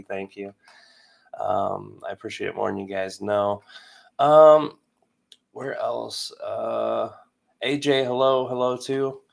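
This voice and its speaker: A man's voice: fairly low pitch, gravelly. A man in his thirties from Michigan hosting a casual live stream, chatting and greeting viewers by name in an upbeat way.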